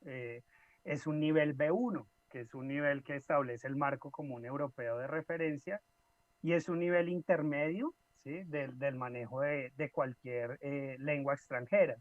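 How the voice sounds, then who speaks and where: A man with a slightly high voice explains a topic in a measured, teacherly way on a casual radio show. The recording is dry and dull, with a lo-fi quality. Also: steady tone, no room sound.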